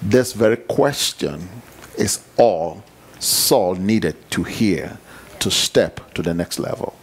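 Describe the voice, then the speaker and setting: A man preaching a sermon in a husky voice. He speaks slowly and repeats lines for weight. His pitch swings widely between hushed lows and loud, emphatic highs. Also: animated.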